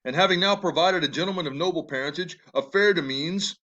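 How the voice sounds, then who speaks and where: A raging, overbearing old nobleman of a father, read by a man. He shouts, mocks and threatens in a high, bright, cutting voice. The delivery feels like a dramatic reading of a play. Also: fairly quick, highs cut off, lightly acted. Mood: contemptuous.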